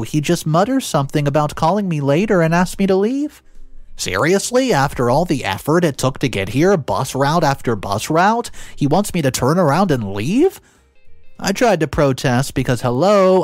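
Man, story narrator, animated delivery, playful asides, dry close recording, faint music behind. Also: mid-range voice, no echo. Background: faint background music.

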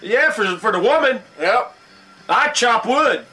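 A man's voice: very high-pitched, expressive, unhurried, sharp tone, faint music behind, exaggerated voice. A man voicing two old male news correspondents trading jokes in a comedy sketch. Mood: joking.

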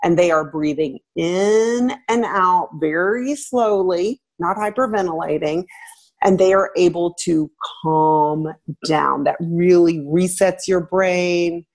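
Here is a middle-aged woman with a husky, slightly low voice, talking through parenting tips in an easy interview. She is animated and now and then jumps up high to act out a parent or child. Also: slow pace. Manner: animated, acts out parents and kids in a raised voice. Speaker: parenting guest expert, former teacher. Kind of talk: conversational advice interview.

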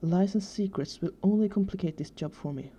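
A woman's voice: medium pitch, brisk, dark tone, slightly rough, natural voice. A woman voicing a tired, worried female foster guardian with a reproachful manner in a storybook reading. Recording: dull lo-fi recording.

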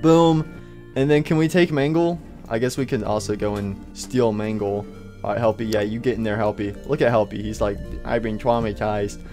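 A man's voice: on the low side, fairly quick, a little mellow, faint music behind. A young man casually commenting on a video game as he plays, teasing the characters with playful asides. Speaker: gaming YouTuber. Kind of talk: casual let's-play commentary.

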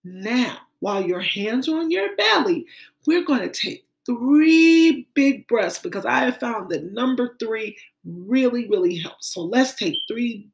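A woman teacher speaking to little kids in a high voice. She takes her time, drawing out each step in a gentle, sing-song way. She calls her young listeners friends as she walks them through the lesson. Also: animated, unhurried, vocal fry. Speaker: kindergarten teacher. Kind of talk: social-emotional lesson for young children.

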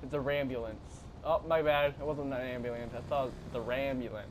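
A young man commentating a video game, loud and swearing constantly, yelling and laughing as he plays. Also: mid-range voice, steady tone, fairly quick, a little hiss or hum. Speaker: gameplay commentator. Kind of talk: excited, profane let's-play chatter.

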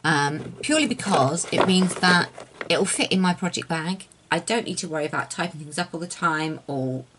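A young woman in a casual knitting vlog, talking at home in a rambling, soft-spoken way that often sinks to near-whispers. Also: fairly low pitch, moderate pace, background noise. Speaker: knitting designer and yarn dyer. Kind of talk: casual chatty craft vlog.

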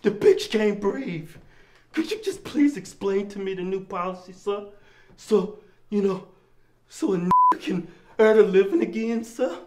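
A man's voice: high voice, a little slow, mellow. A man playing a pathetic husband pleading for his sick wife in a comedy sketch, breaking into laughter again and again. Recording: noisy set recording.

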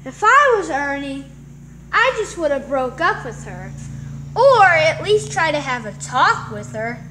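A woman's voice: high voice, big pitch swings, a little slow, sharp tone, slight background noise, full character voice. A woman voicing Batman, an earnest male cop who narrates a homemade mini movie in a melodramatic way. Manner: earnest, melodramatic, hums "dun dun" stings.

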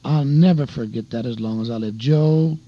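A man's voice: mid-range voice, normal speed. An older man and evangelist preaching a folksy radio sermon, telling a testimony story and calling his listeners beloved and dear friends. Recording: dull lo-fi radio broadcast.

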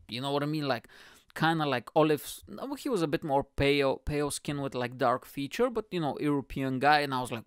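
A man from Bulgaria with a Bulgarian accent, hosting a podcast and telling a story as a comic monologue with animated, exaggerated asides. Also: on the high side, fast talker, smooth, dry recording, studio quality. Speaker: podcast host. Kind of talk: comedic monologue.

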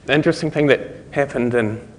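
Speaking quickly at medium pitch, this New Zealand man presents at a conference. His talk wanders, packed with fillers, false starts and little chuckles, and the lecture hall adds long reverb.

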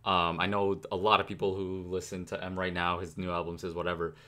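A man's voice: deep voice, little pitch movement, a little fast, pushed and bright. A young man hosting a music reaction video, talking casually with lots of fillers and enthusiasm. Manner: rambling, enthusiastic, many fillers.

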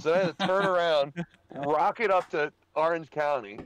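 A man's voice: a little high, fast talker, muffled recording. A young man telling rowdy stories as a guest on a racing podcast, swearing and laughing as he goes. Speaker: podcast guest, dirt track racer. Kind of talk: casual podcast chat.

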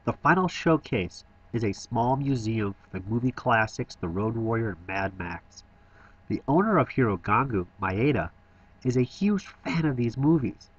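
Guy doing a toy store review voice-over, mid pitch, eager with wry jokes, kinda dull lo-fi sound. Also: breathy edge. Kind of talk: scripted voice-over narration.

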